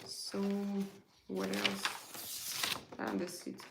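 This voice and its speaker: Russian-accented woman chatting, halting. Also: mid-range voice, wildly swooping pitch, vocal fry, heavy background noise. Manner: halting, searching for words, many fillers. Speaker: livestream host. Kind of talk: casual live chat.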